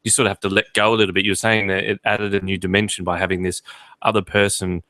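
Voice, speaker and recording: A man's voice: sits low, little pitch movement, fast, bright, forceful tone, no room sound. A man hosting a podcast who asks long, searching questions with plenty of fillers. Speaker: podcast host. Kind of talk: casual interview questions.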